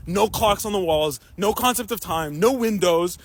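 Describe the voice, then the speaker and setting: A young man with a fairly high voice tells a long personal story in a loose, casual way. He is animated, swears freely and laughs along as he goes. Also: normal speed.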